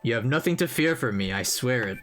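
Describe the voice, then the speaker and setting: A man reading aloud the lines of an elderly male echidna historian from a game, in a mild, wistful, sentimental manner and a lively, swooping voice. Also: medium pitch, brisk, close to an everyday voice.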